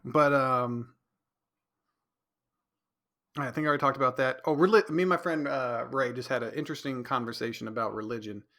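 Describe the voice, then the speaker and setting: A man's voice: medium pitch, fairly quick, pauses often, a bit bright. A man hosting a casual solo podcast, rambling and correcting himself, with a slightly stuffy nose. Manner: rambling, self-interrupting, mimics others in raised voice. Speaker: podcast host.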